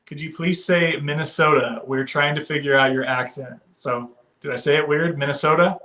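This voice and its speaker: A man's voice: a little high, moderate pace. Laid-back man chatting on a livestream. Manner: relaxed, chatty, many 'uh' fillers, addresses viewers as guys and my friend. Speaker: livestream host. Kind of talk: casual livestream chat answering viewer comments.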